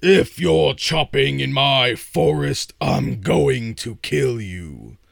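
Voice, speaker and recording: A man voicing a big, burly male forest troll in a folk tale reading, speaking loud and drawn-out with a booming, altered tone. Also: lively intonation, creaky, dry recording, studio quality, exaggerated voice. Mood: menacing.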